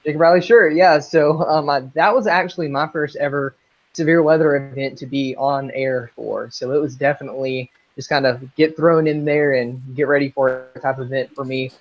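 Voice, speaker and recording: A man's voice: mid-range voice, fairly even intonation, moderate pace, no room sound. A young man from Northeast Texas, a guest meteorologist on a casual interview, polite and eager. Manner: polite, says "yes, sir", eager. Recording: dull lo-fi video call.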